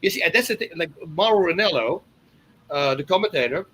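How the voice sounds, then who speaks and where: A man in his fifties from the Netherlands with a Dutch accent, a podcast guest telling animated stories with loud exclamations. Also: on the high side, a little fast, husky, low-quality recording. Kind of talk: casual storytelling.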